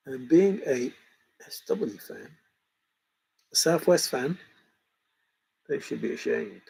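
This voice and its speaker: Guy on a stream rambling over chat, chuckly, kinda raspy, talks slow. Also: medium pitch, expressive, dark tone, low-quality recording. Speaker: livestream host reading chat. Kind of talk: casual chat.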